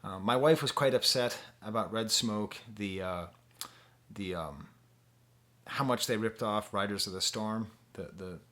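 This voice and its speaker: A man's voice: fairly low pitch, a little slow, fairly bright tone. Chatty man reviewing an album to camera. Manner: chatty, thinking aloud with fillers and restarts. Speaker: music reviewer.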